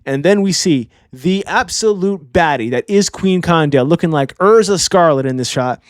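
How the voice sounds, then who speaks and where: Excitable slangy man, dry close sound. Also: fairly high pitch, normal speed, dry recording. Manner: excitable, slangy, keeps tagging "all right?". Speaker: manga reviewer. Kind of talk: casual reaction commentary.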